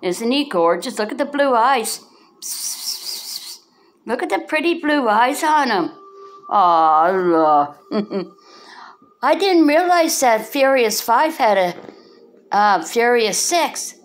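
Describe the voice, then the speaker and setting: A woman's voice: a little high, lively intonation, a little slow. A Canadian woman making a casual home vlog, cooing at a cat in sing-song baby talk. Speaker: vlogger.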